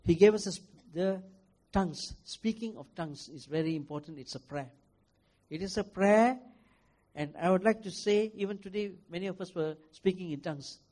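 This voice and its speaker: A male pastor preaching a sermon, emphatic and repetitive, swinging from loud declarations to soft, hushed lines. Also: sits high, moderate pace.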